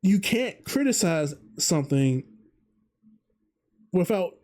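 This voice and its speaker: Guy rambling thru his opinions solo, fairly high voice but mellow tone, keeps restarting sentences. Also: very animated, slow pace. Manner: rambling, self-interrupting, opinionated with frequent chuckles. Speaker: vtuber host. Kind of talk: casual commentary monologue.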